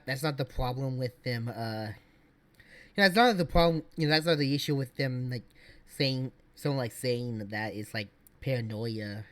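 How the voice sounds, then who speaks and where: Guy streamer, mid pitch, rambly reaction talk, lots of likes and uhs. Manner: rambling, many fillers and restarts. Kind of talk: casual reaction commentary.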